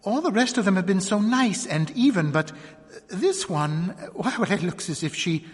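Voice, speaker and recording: A man's voice: high voice, expressive, normal speed, in a large hall, soft background music, pitched above the performer's own voice. A man voicing a timid, hesitant sheriff's wife. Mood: timid, troubled. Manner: thin, hesitant, indecisive. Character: timid, nervous farm-country sheriff's wife. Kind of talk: reading a story aloud.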